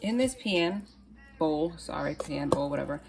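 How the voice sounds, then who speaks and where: A woman's voice: low-pitched, animated, unhurried, vocal fry, music in the background. A woman hosting her own cooking channel, chatting playfully to viewers as she cooks. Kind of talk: casual cooking demo to camera.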